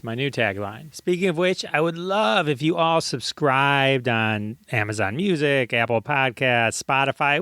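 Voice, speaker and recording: A man's voice: medium pitch, a bit bright, dry recording, clean studio sound. A man hosting his own comedy podcast, talking in a jokey, playful way with mock-ad patter. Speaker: podcast host.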